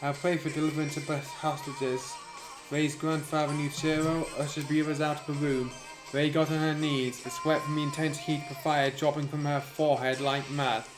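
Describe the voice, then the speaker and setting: Deadpan male reader with sarcastic asides; fairly high, flat voice, roomy recording with music. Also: a little fast. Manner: deadpan, stumbling over the text. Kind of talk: dry reading of fan fiction with sarcastic asides. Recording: echoey room, music behind.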